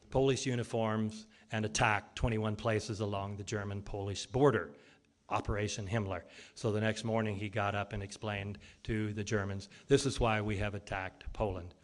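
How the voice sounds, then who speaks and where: A man giving a public lecture in an argumentative way, posing rhetorical questions and pausing with frequent ums and uhs. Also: fairly low pitch.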